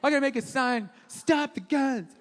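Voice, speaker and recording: A man's voice: very high-pitched, moderate pace, slight background noise. A man parodying a whiny liberal protester, drawn out and mocking.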